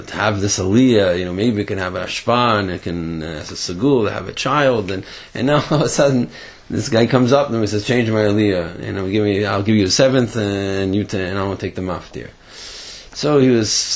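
Guy telling a story, gravelly and a bit husky, voice bounces all over. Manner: halting, with many restarts, rising high on quoted lines. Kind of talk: casual spoken storytelling.

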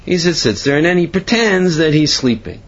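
A man's voice: on the high side, normal speed, highs cut off. A man giving a sermon and telling parables, asking himself questions as he goes. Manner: storytelling, animated, asks himself questions.

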